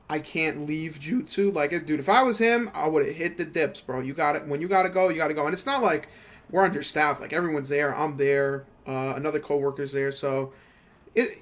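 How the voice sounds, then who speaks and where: A young man hosting a gaming channel rants casually about work over gameplay, in a slightly high, fairly bright voice. He's profane and slangy, telling stories with quoted back-and-forth.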